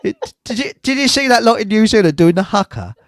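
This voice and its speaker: A man's voice: high voice, big pitch swings, fairly quick, no echo. A man hosting a live chat show, rambling and giggling as he reads out messages. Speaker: host.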